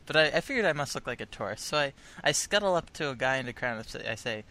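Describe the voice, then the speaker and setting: A man's voice: medium pitch, lively intonation, fast, bright, forceful tone. A young man hosting a casual podcast chat, telling a rambling story and laughing often. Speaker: podcast host.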